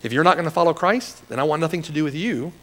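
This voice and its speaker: High-voiced preacher in a reverberant hall. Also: male voice, lively intonation, fast. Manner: impassioned preaching, rising into challenging rhetorical questions. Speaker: pastor. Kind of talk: sermon. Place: church sanctuary.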